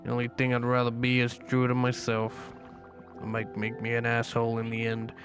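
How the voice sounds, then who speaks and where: A man doing a gruff weary older brother, subdued, medium pitch, faint game music. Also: completely flat delivery, fairly quick, natural voice. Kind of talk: reading game dialogue aloud.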